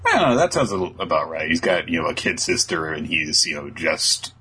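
A man co-hosting a podcast, casually recapping a chapter in a rambling way, dropping into quick voices for characters. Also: rumbling low, big pitch swings, bright, forceful tone, slight background noise. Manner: rambling, many ums and quick put-on voices. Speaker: podcast co-host.

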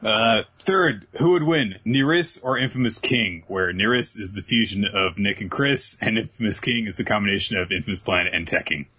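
A man's voice: lowish voice, normal speed, few pauses, pushed and bright, husky. A man co-hosting a podcast, reading out listener questions and joking along in casual chat. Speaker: podcast co-host.

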